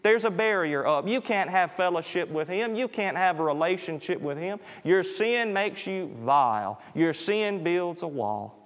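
A man's voice: animated, a little slow, few pauses. A preaching man in a reverberant church. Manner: swells in pitch and loudness on appeals, drops low and soft on closing words. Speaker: pastor. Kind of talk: sermon.

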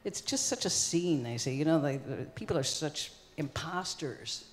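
A woman's voice: low-pitched, animated, moderate pace. A woman in her sixties, a performance artist, telling an old story live on stage in a casual, conversational way with lots of "you know" and "like.". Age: 60s. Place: concert hall stage. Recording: long concert-hall reverb.

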